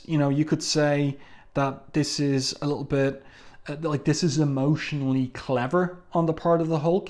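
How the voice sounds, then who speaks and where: A man's voice: on the high side, a little mellow. A man reviewing a comic book in a casual, conversational way, stopping often with ums and asides. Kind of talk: casual comic review, reading panel dialogue aloud.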